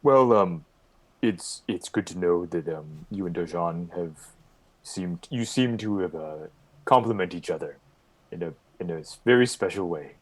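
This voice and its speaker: A man playing a tabletop game who talks casually and haltingly in character, with many fillers. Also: deep voice. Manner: halting, friendly, full of fillers. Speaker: player.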